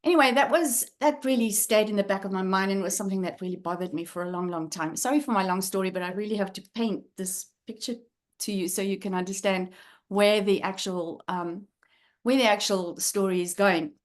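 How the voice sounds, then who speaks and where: A middle-aged woman with a South African accent, a guest speaker telling a personal story in an earnest, reflective way with frequent pauses and fillers. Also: medium pitch.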